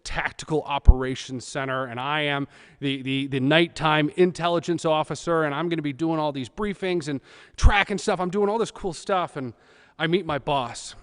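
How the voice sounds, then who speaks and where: A man's voice: a little high, fairly even intonation, moderate pace, clear, resonant tone, in a large hall. A man in his thirties from California, telling a humorous, self-deprecating personal story at a church service.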